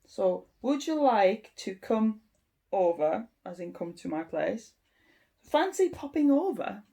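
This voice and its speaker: A woman giving an informal language lesson, explaining step by step in an unhurried way with frequent ums. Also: medium pitch, animated, creaky, mellow. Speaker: English teacher.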